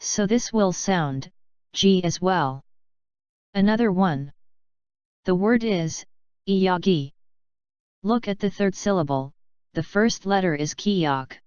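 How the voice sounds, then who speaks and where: A woman teaching a lesson in a very slow, deliberate way, explaining one rule at a time in a lowish, very clear voice. The sound is dry and close, but a bit dull and lo-fi. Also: a little mellow, no echo. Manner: slow, deliberate, spelling out rules. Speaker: language teacher. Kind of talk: step-by-step lesson narration.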